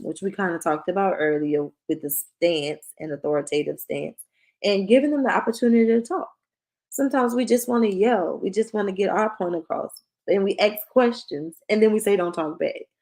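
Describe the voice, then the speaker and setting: A woman who works as a school counselor, giving a conversational parenting workshop and acting out short parent-child exchanges. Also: medium pitch. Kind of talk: presentation to parents.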